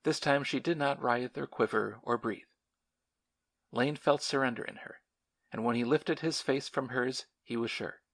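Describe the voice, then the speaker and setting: A man narrating a novel as an audiobook, in measured, dramatic storytelling. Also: medium pitch, a bit bright. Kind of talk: scripted narration.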